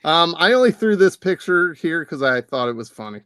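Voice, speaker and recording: Male host, a touch high, dry close sound, rambling casual chat. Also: sing-song, fairly quick, fairly bright tone, smooth, dry recording. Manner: rambling, laughs while talking. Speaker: podcast host.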